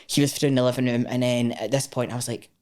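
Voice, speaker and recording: A woman's voice: very deep voice, fast talker. A woman with a Scottish accent, a podcast guest telling her own story frankly, swearing freely and acting out what people said. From Scotland. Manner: frank and expressive, swears freely, acts out quotes. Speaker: guest, powerlifter. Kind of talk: candid personal storytelling.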